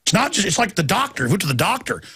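Gravelly ranting male talk host. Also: high voice, very animated, very fast, pushed and bright. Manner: ranting, emphatic, jumps between stories. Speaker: radio talk show host. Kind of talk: heated monologue.

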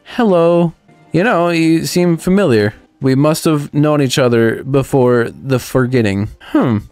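A man's voice: fairly high pitch, a little slow, a little mellow, clean tone, no echo, soft background music. A man reading the lines of a friendly, cheerful cartoon dog in a video game. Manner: reading game dialogue aloud.

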